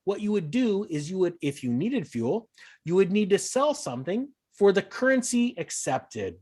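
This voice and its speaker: A man's voice: sits high, very animated, moderate pace, a little mellow. A man talking casually and animatedly, acting out sarcastic imagined exchanges. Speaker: guest. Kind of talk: casual chat.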